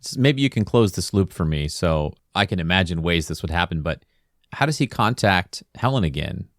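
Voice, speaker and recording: A man's voice: low voice, expressive, normal speed, no echo, studio quality. A man casually retelling a film plot with a co-host, joking and laughing as he goes. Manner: jokey, laughs while retelling. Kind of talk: casual movie recap chat.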